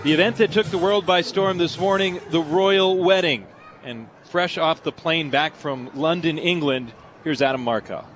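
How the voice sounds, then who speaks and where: A man's voice: fairly high pitch, normal speed, fairly bright tone, a little hiss or hum. A man broadcasting a baseball game on radio, introducing his partner in an announcer style. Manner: announcer-style, then easy chat. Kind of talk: radio play-by-play. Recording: radio broadcast with music behind.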